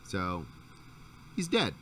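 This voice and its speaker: A man's voice: low voice, wildly swooping pitch, extremely slow, fairly bright tone, distant mic, slight background noise. A man hosting a podcast and telling a long, profane story in casual chat, with frequent restarts. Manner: profane, rambling anecdote with restarts. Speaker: podcast host.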